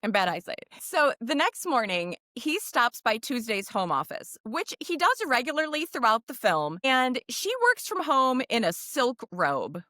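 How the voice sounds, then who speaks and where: A woman with a bright, forward voice chats about a film she reviews with her co-host, walking through the plot and playing out the lines. Her voice sits a little high, and the sound is close and dry. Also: sing-song, measured pace, hardly any pauses, no room sound. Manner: recaps the plot, acting out quotes, laughs often. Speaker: podcast co-host. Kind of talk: casual chat reviewing a film. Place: home.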